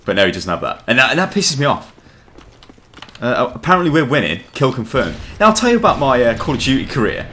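A man's voice: mid-range voice, sing-song, fast talker, sharp tone, a little hiss or hum. A young man giving sweary, grumbling commentary over his own gameplay. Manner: grumbling, swearing, laughing at the game. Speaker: gaming channel host.

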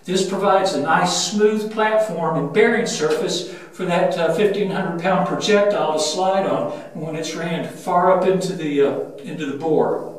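An older man working as a museum ship guide, walking through the loading steps with frequent uh-fillers and a steady, methodical explanation. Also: a little slow. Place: inside a steel gun turret on a battleship. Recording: booming metal-room echo, mic at a distance.

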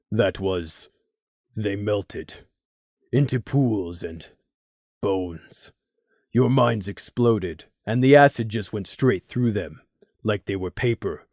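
A man's voice: on the low side, a little mellow, dry recording, clean studio sound. A man playing Crimson, a shaken, remorseful young man who speaks in a subdued voice in an audio drama. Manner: subdued, speaks through clenched teeth.

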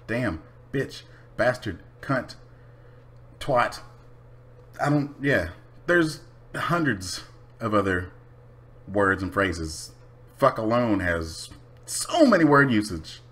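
Blunt, swearing man with a lively voice. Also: lowish voice. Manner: blunt, profane, unapologetic. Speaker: vlogger. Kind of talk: casual rant to camera.

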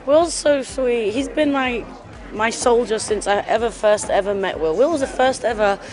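A woman's voice: a little high, normal speed. A young woman with an English accent, a talent show judge chatting in a casual interview and gushing through lots of fillers. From England. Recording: music and crowd behind.

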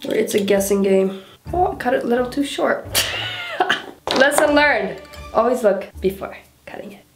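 A woman's voice: fairly high pitch, lively intonation, normal speed, music in the background. A woman chatting casually and giggling nervously in a home vlog, swearing freely. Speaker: beauty vlogger. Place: bathroom at home. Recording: echoey small bathroom.

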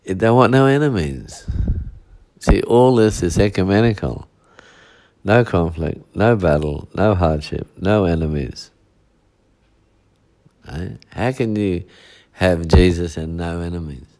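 A man preaches a midweek sermon in a very deep voice. He takes his time, leaning on repetition and rhetorical asides as he works through his points. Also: animated, unhurried, pauses often, darkish tone. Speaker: pastor.

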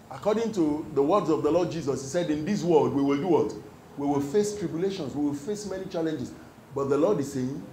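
A man's voice: fairly high pitch, a little mellow, reverberant, slight background noise, poor audio. A male pastor preaching a sermon, reading scripture and putting questions to the congregation for them to answer. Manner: emphatic call-and-response preaching.

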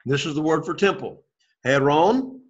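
A man leads a classroom Greek lesson, saying each word and having the class echo it back. His voice sits fairly high for a man, and he comes across as patient. The recording is dull and lo-fi, like a basic classroom recorder. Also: lively intonation, normal speed. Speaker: Greek teacher. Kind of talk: classroom lesson with call-and-response drills.

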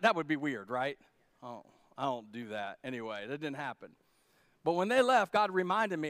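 High-voiced animated preaching man. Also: moderate pace, no echo. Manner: animated, swinging from shouted emphasis to quiet asides; humorous, talks directly to the congregation. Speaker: pastor. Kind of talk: sermon.

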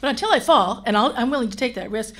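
A woman's voice: fairly high pitch, animated, fast talker, fairly bright tone. A woman voicing a feisty ninety-four-year-old care home resident who speaks firmly and plainly. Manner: firm, plain-spoken.

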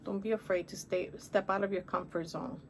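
A woman's voice: mid-range voice, steady tone, brisk, very noisy. A middle-aged woman chatting casually through a shopping haul at home, gushing and exclamatory, talking straight to her viewers and calling them guys and honey. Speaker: haul vlogger.

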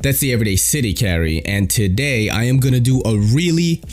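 A man's voice: mid-range voice, expressive, fairly quick, darkish tone, faint music behind. A man hosting his own unboxing vlog, chatting to viewers in a hyped, slangy way. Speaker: host of a knife unboxing channel. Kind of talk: casual unboxing vlog chat.

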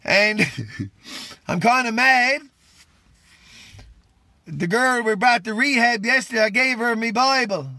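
A man preaching on a live stream, his voice pitched very high and sharply bright. He is fervent and exclamatory, yet sounds worn out. The sound is close and dry, with no room around it. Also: takes it slowly, long pauses, no echo. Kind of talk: impromptu livestream preaching and greetings.

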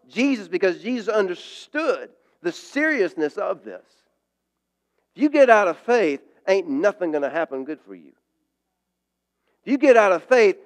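High-voiced man preaching a sermon. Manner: conversational preaching with emphatic repetition. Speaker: pastor.

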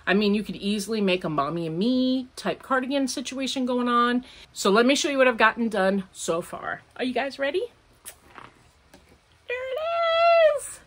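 Grandma chatting about her knitting, voice bouncing up and down, laughs a lot. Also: medium pitch. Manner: chatty and animated, laughs often. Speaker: podcast host. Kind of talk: casual knitting podcast chat.

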